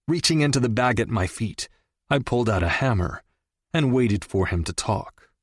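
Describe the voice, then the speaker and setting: A man narrating a first-person crime story in a measured, dramatic storytelling manner. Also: lowish voice, animated, fairly bright tone, slightly rough, dry recording, studio quality. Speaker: audiobook narrator.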